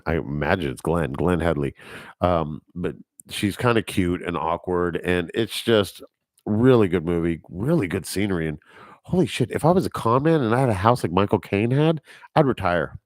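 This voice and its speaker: A man with a fairly low voice talks alone into a microphone, drifting from one tangent to the next and chuckling at himself. The sound is dry and close, with no room around it. It is a casual solo podcast chat about movies. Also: lively intonation, normal speed, no echo. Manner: rambling, chatty, laughs at his own tangents. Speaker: podcast host. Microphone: speaking into a microphone.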